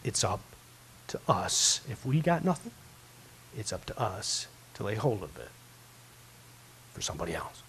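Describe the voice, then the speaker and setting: A man preaching a sermon as pastor, telling a story that swings from hushed to loud. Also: fairly low pitch, sing-song, unhurried, long pauses, slight background noise, low-quality recording.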